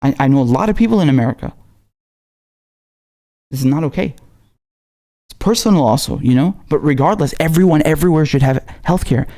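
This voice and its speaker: Man, political show host, impassioned profane rant, somewhat high-pitched, warm tone. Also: expressive. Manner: heated, profane, rapid-fire ranting.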